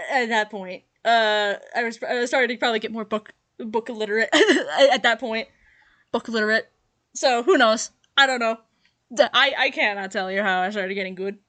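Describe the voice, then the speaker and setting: A young woman rambles through casual reaction commentary, giggling often and leaning on fillers. Her voice sits high and bright, with a lively, swooping pitch. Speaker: YouTuber reacting to her old videos.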